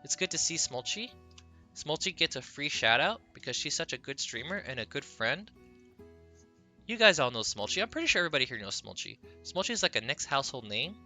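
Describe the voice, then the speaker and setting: A man's voice: medium pitch, very animated, fairly quick, sharp tone, soft background music. A man streaming a video game, chatting playfully with his viewers and giggling at his own jokes. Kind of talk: casual live-stream chat while gaming.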